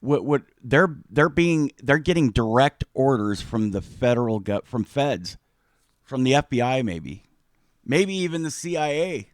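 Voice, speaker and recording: A man's voice: medium pitch, lively intonation, measured pace, no echo. Fired up guy ranting to his viewers, keeps repeating himself, dry sound. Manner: agitated, emphatic, repeats himself. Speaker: commentator. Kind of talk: heated commentary vlog.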